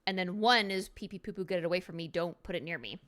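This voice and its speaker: A woman's voice: fairly low pitch, fast, a bit bright. A woman streamer giving a casual card review at her computer, goofy and playful with silly jokes.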